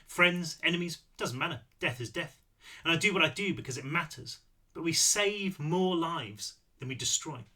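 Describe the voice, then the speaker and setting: A man's voice: fairly high pitch, expressive, normal speed, pushed and bright. A man voicing a harsh, battle-worn British man who lectures and threatens a teenager, in a book read-through. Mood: stern, angry.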